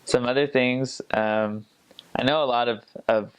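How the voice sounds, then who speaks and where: Clear and resonant, his mid-range voice holds a steady tone and a measured pace. He's a young returned missionary telling casual, rambling stories with lots of fillers and restarts, slipping into imitated accents.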